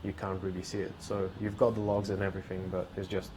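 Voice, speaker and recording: A man's voice: low-pitched, flat delivery, fast talker, background noise. A man on a panel telling a casual story from his company's experience. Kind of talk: panel discussion. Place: meetup event room.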